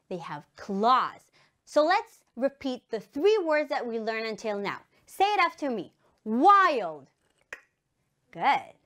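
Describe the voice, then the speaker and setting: A woman with an Israeli accent, an English teacher giving a slow, emphatic lesson to young children and enunciating words for them to repeat. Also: sits high, a bit bright. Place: studio.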